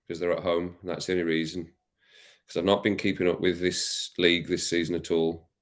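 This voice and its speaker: A man's voice: low voice, little pitch movement, fairly quick. A man vlogging in casual chat, thinking aloud with jokey asides while placing bets.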